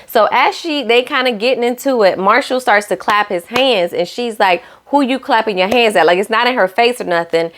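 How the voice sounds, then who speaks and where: A woman's voice: a little high, normal speed, hardly any pauses, a bit bright. A young woman giving a casual, sassy recap of a reality show, talking straight to her viewers and acting out what the cast said. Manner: acts out cast lines in shifting voices.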